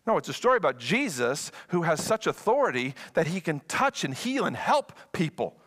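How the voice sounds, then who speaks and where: A man preaching as a guest pastor, animated and playful. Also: fairly high pitch, moderate pace. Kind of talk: sermon.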